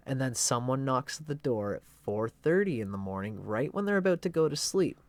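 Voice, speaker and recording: A man's voice: mid-range voice, lively intonation, fairly quick, hardly any pauses. Loose, casual male astrology teacher. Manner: loose and conversational, with a playful, irreverent edge. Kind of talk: casual explanatory talk.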